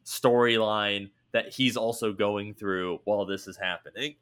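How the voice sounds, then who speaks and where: A man's voice: lowish voice, steady tone, unhurried, fairly bright tone, clean tone. A man co-hosting a casual podcast, telling stories animatedly and swearing freely. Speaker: podcast co-host. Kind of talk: casual chat.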